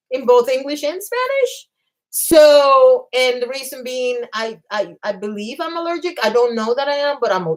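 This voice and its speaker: Hosting her channel, this slightly high-pitched woman shares stories casually with her live viewers, pausing to say hello to people in the chat. Her manner is lively and self-deprecating, and she often laughs at herself.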